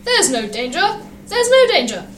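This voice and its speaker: Cheeky little boy engine, high and bouncy, a lady reading it out, roomy far-off sound. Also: big pitch swings, measured pace, a bit bright, slight background noise, full character voice. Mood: gleeful. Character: cheeky young male tank engine.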